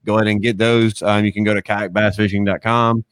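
A young man hosting a casual podcast, relaxed and stammering, often repeating words and calling people dude and man. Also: on the low side, a little fast, clear, resonant tone, no room sound. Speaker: podcast host.

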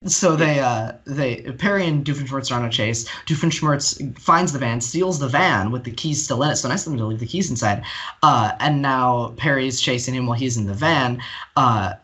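A man's voice: mid-range voice, moderate pace. A man co-hosting a podcast who is also a magician, retelling an episode in casual chat with many fillers. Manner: steady storytelling with many fillers.

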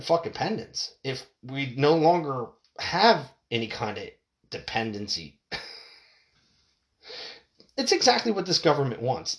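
Middle-aged man, ranting solo podcaster, swears freely, voice swings up and down a lot. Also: mid-range voice. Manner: profane, heated, exasperated. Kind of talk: ranting monologue. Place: home room, window open. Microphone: desk mic.

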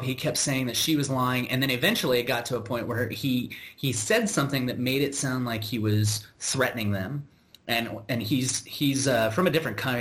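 An American man's mid-range, slightly bright voice carries a work story on his podcast. As host, he rambles in exasperation, looping through restarts and asides in casual conversational storytelling.

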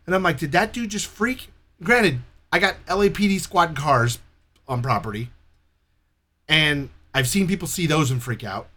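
A man with a somewhat high voice tells a story in casual conversation. He swears freely and acts out each person in lively quoted dialogue. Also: moderate pace. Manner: profane, animated retelling with quoted dialogue.

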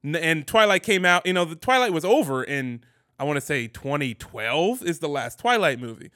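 A man's voice: on the high side, big pitch swings, normal speed, sharp tone, no echo, clean studio sound. A man co-hosting a podcast, talking casually and laughing between phrases. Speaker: podcast co-host.

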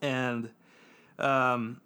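A man's voice: mid-range voice, little pitch movement, drawn-out words, bright, forceful tone, clear, resonant tone. A man casually recapping an anime episode on a podcast, loose and joking, with plenty of ums and restarts. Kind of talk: casual chat.

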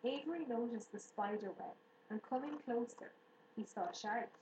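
A woman reads a storybook aloud in a steady, even manner. Her voice rings slightly in the room, with a faint hiss underneath. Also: fairly high pitch, normal speed, reverberant, low-quality recording. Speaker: narrator. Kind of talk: audiobook reading.

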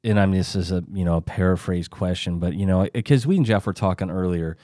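A man's voice: low voice, fast, mellow, no echo, clean studio sound. A man hosting an interview, asking long, hedging, rambling questions in a casual way. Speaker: podcast host.

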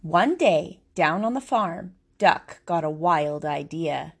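A woman reading a picture book aloud, expressive, giving each animal its own voice. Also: deep voice, slow, gravelly, breathy edge. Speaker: storybook reader.

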